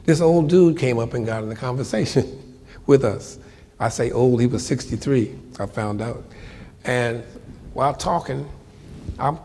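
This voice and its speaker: An older man telling a story from his life to a live audience, animated and colloquial, acting out the voices of the people in it. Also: medium pitch, breathy edge, in a large hall. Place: lecture hall before an audience.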